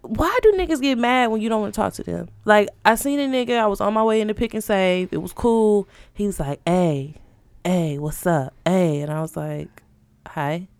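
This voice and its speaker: A woman's voice: mid-range voice, brisk, gravelly, few pauses, clear, resonant tone, no room sound. A woman co-hosting a podcast, telling stories with big laughs. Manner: animated storytelling with big laughs. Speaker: podcast co-host. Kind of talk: casual chat.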